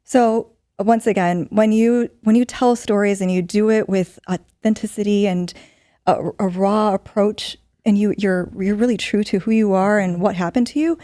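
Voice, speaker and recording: Woman, middle-aged, podcast guest, earnest storytelling, mellow tone, dry sound. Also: medium pitch, gravelly, no room sound. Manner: earnest, animated storytelling with many fillers. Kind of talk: storytelling in an interview.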